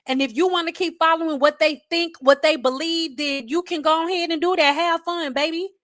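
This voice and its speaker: A woman's voice: very high-pitched, fairly even intonation, fairly quick, fairly bright tone, dry recording, clean studio sound. A woman ranting as a hair care educator, blunt, exasperated and profane in casual livestream talk.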